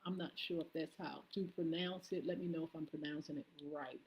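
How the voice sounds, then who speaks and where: A woman's voice: sits low, fairly even intonation, fairly quick. A woman hosting a live morning show stream, casually greeting viewers by name with lots of "uh" fillers and an upbeat, friendly manner.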